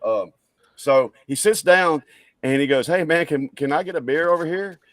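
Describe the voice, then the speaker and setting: A man's voice: on the high side, normal speed, no echo. A man co-hosting a casual podcast, telling a story in a loose, profane way. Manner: laid-back, profane, laughs often. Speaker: podcast co-host.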